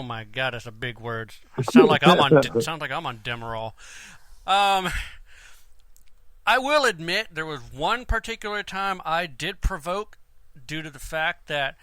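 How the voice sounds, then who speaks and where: A man's voice: a little high, no echo. A man guest on a podcast, chatting casually and joking. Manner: lively, joking, quick to laugh. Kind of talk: casual chat.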